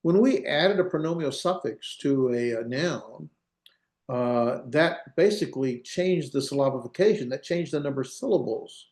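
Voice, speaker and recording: A man lectures on grammar to an online class, his pitch sitting in the middle range. He talks plainly and thinks aloud, stopping and restarting phrases and joking about himself now and then. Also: lively intonation, moderate pace, darkish tone, reverberant. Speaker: Biblical Hebrew instructor. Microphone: computer mic in a video class.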